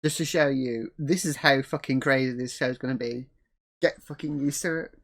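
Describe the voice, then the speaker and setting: A man hosting a casual chat about a comedy series, relaxed and swearing freely. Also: medium pitch, moderate pace. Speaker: host.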